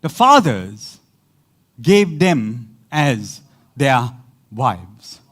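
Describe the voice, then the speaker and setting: A man preaching a sermon as pastor, animated, repeating words for emphasis and breaking into laughing asides. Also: medium pitch, drawn-out words.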